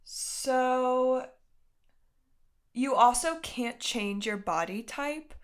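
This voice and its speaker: A woman working as game master for a tabletop game, calling for dice rolls in a quick, stop-start way. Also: high-pitched.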